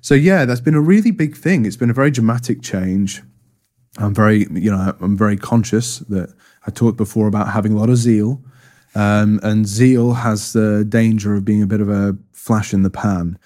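Thoughtful man, low mellow voice. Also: normal speed. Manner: thoughtful, hesitant, many fillers and restarts. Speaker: interview guest. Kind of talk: reflective personal testimony.

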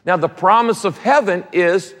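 High-voiced preacher in a reverberant hall. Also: male voice, a bit bright. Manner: emphatic preaching with repeated phrases and quick casual asides. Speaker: pastor. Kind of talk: sermon.

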